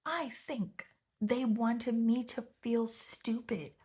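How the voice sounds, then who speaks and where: A woman's voice: a little high, slow pace, dark tone. A young woman chatting through a casual storytime vlog, half-whispering and peppering her talk with "like". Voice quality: breathy, gravelly. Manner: chatty, heavy use of "like", often half-whispered. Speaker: vlogger.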